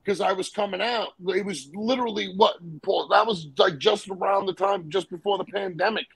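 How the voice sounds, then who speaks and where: A man's voice: high-pitched, normal speed, creaky, husky, no room sound, low-quality recording. A man in casual chat, slangy and profane, calling people "bro" as he talks.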